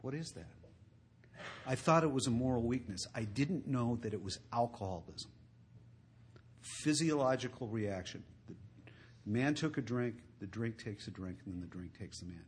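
A man speaking to an audience about his drinking, telling wry stories in a conversational way that swells to loud emphasis. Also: mid-range voice, animated, moderate pace, a little hiss or hum. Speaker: recovery speaker. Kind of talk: storytelling talk to an audience.

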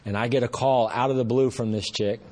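A man's voice: medium pitch, steady tone, fairly quick, a little mellow. A man giving a personal recovery testimony at a meeting, earnest and rambling, talking in a conversational way with frequent restarts. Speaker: speaker sharing recovery story.

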